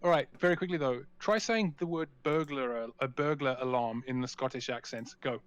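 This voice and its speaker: A man's voice: mid-range voice, moderate pace, muffled recording, noisy background. Easygoing man, racer and co-host. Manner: easygoing and jokey. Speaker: co-commentator who also races. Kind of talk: casual live-stream banter.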